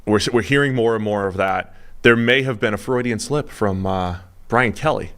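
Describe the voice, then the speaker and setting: A man co-hosting a casual sports podcast, chatty and lively, quick to laugh. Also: on the low side, clean tone. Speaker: analyst co-host.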